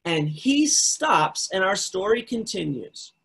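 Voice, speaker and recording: A man preaching a sermon, retelling the story with animated storytelling and phrases repeated for emphasis. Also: sits high, takes it slowly, gravelly, breathy edge. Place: recorded remotely.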